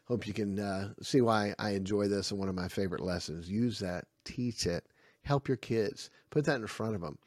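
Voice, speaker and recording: A man giving a spoken Bible lesson to parents. He is animated and acts out the dialogue in his stories. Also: fairly low pitch, normal speed, dry recording, clean studio sound. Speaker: family Bible teacher.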